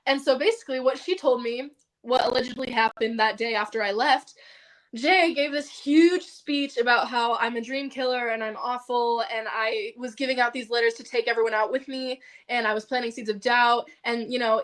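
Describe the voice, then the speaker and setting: A woman with a slightly high voice tells a story from her own life as a podcast guest. She talks in an animated, rambling way, filling her sentences with "like" and breaking into laughs. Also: moderate pace. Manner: animated, heavy use of "like", laughs often. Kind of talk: personal storytelling.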